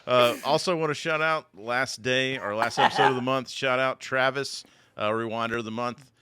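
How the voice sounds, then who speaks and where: A man's voice: medium pitch, moderate pace, a crowd in the background. A man hosting a podcast in a loose, joking, casual chat. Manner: laid-back, loose and joking. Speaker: podcast host.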